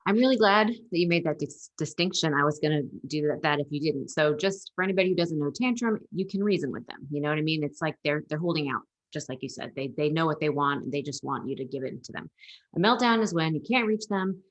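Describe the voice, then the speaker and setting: Low-pitched young mom chatting in an interview, laughy, acts out quotes. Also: female voice, fast. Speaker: interview guest, former teacher and parent. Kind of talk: casual interview chat.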